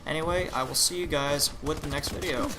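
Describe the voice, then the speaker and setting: A man's voice: fairly high pitch, fairly even intonation, brisk. A tired man giving laid-back, rambling commentary over gameplay, with many restarts and fillers. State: tired, yawning. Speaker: gaming channel host. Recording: noisy home recording with clicks.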